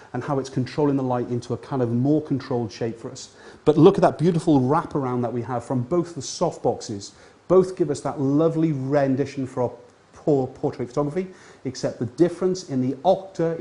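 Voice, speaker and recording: A man's voice: mid-range voice, breathy edge. An English man teaching portrait lighting, giving a hands-on demonstration and coaching a model as he works. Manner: directing a model with warm encouragement. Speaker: photography instructor. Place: outdoors at a seafront location.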